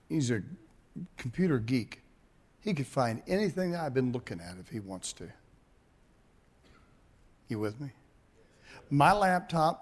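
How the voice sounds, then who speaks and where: A middle-aged man, a pastor, preaching a sermon with animated storytelling and calls to the congregation. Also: medium pitch.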